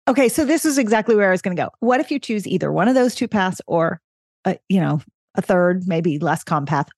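A woman hosting a podcast who asks curious, quick questions. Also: on the low side, lively intonation, darkish tone, no echo, clean studio sound. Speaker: podcast host. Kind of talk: podcast conversation.

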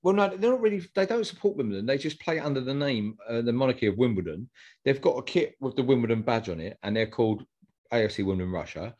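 A man's voice: mid-range voice, lively intonation, fast talker, a little mellow, highs cut off. A man hosting a casual football podcast, chatty and rambling, often repeating himself. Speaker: podcast host. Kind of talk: casual chat.

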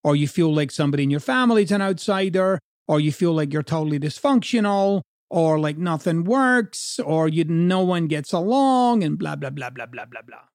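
A man's voice: on the high side, expressive, moderate pace, hardly any pauses, no room sound, studio quality. A man from Scotland with a Scottish accent, a coach giving a blunt, profane, conversational motivational talk.

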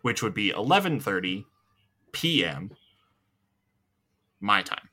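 A young man co-hosts a casual podcast chat in a fairly low voice with a bright, forceful edge. He tells his stories in an animated, blunt way and swears without holding back. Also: slow pace. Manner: animated storytelling, blunt and profane. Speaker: podcast co-host.

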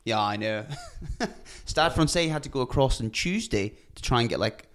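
A man co-hosting a podcast in casual chat, speaking in a dry, matter-of-fact way with deadpan humor. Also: medium pitch, normal speed. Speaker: podcast co-host.

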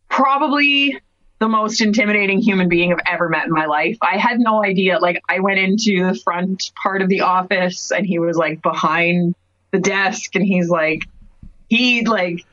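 A woman in her thirties from Cape Breton, telling stories casually in an interview, full of "like"s and quick laughs. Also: lowish voice, a bit bright, no room sound. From Canada, Cape Breton. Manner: chatty storyteller, many "like"s, laughs often. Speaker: guest wrestler. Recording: dry, dull lo-fi podcast audio.

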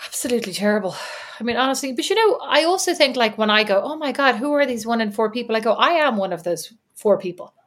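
A woman's voice: fairly high pitch, lively intonation, fast. A woman, co-hosting a podcast and telling stories in casual chat with plenty of asides and fillers. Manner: chatty storyteller with lots of fillers and asides. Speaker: podcast co-host. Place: lives in Indiana.

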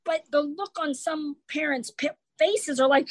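High-voiced woman, lively storyteller. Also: unhurried, no echo, rough recording. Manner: animated storyteller acting out quoted people. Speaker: comedian guest. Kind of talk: casual interview chat.

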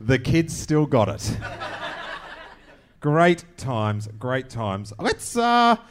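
Lively man hosting a podcast. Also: medium pitch, drawn-out words, slight background noise. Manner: animated, jokey, showman-like introductions. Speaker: podcast host. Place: live venue before an audience.

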